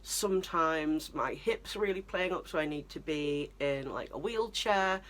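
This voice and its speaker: Chatty young British woman, slightly low. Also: unhurried, fairly bright tone. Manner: chatty and exasperated, with frequent fillers. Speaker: vlogger. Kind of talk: storytelling vlog.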